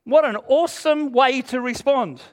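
High-voiced man preaching a sermon. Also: normal speed. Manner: earnest, emphatic, retells scripture in plain speech.

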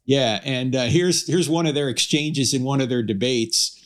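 A man's voice: medium pitch, normal speed. A man hosting a talk radio interview in a chatty way, reading quotes aloud with relish. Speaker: radio show host.

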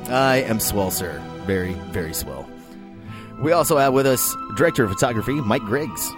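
A man's voice: lowish voice, animated, moderate pace, over music. A man hosting a casual movie podcast, joking and bantering with his co-hosts. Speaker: podcast host, film editor.

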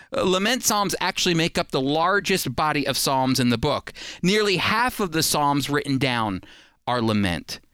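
Lively, bright-voiced male Bible teacher. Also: on the high side, clear, resonant tone, dry recording, clean studio sound. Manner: expressive, reads scripture aloud with feeling; repeats key points for emphasis.

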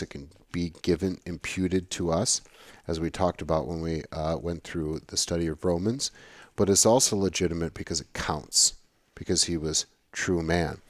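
A man's voice: low-pitched, no room sound. A man lecturing on theology to his students in a conversational, emphatic way, often repeating phrases. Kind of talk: recorded classroom lecture.

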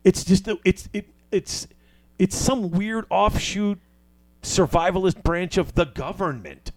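Man, fairly high voice, dry close sound, animated movie recap, mimics characters. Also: unhurried, dry recording. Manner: animated retelling, acting out quoted lines.

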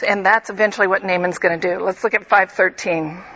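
A woman's voice: mid-range voice, steady tone, a little fast, sharp tone, muffled recording, a little hiss or hum. A woman teaching a Bible lesson, reading a passage and then explaining it in a conversational way with humorous asides.

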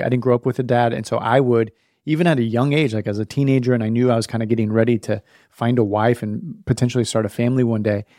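A man's voice: medium pitch, a little mellow, no echo, clean studio sound. A man in his thirties hosting a parenting podcast, telling a personal story candidly and laughing at himself. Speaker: podcast host. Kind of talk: storytelling talk.

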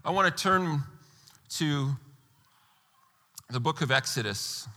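High-voiced, bright, emphatic preacher man. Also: expressive, slow, big-room sound. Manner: emphatic, rising to near-shouts on key words. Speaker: pastor. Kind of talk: sermon.

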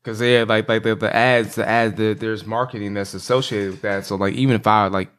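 A man's voice: fairly low pitch, fairly even intonation, a little fast, a bit bright. A man co-hosting a casual podcast chat, rambling with restarts and filler words as he builds his point. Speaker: podcast co-host.

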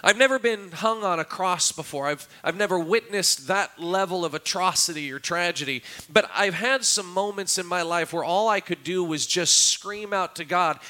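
A man's voice: high voice, moderate pace, hardly any pauses, bright, forceful tone. A man preaching a sermon as pastor, acting out quoted cries with a raised, dramatic voice. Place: church.

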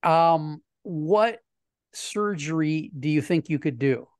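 A man's voice: on the high side, slow, no echo. A man hosting a casual podcast from a home studio, stopping often with ums and uhs as he lines up his questions. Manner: hesitant, lots of ums and uhs. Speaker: podcast host.

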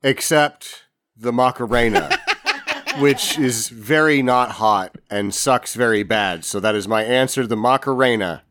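A man's voice: medium pitch, measured pace, a bit bright. A man chatting on a comedy podcast, blunt and joking. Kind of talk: casual comedic chat.

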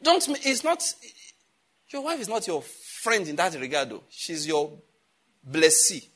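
A man's voice: a little high, sing-song, unhurried, bright, forceful tone, breathy edge. A man with a Nigerian accent preaching a sermon. He laughs at his own jokes and calls on the congregation to repeat his words back.

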